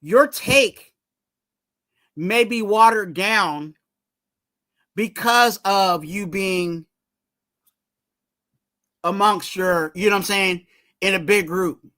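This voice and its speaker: A man's voice: high voice, slow, pauses often, sharp tone. A man hosting a fan channel, giving casual sports commentary in a rambling way and urging viewers to subscribe.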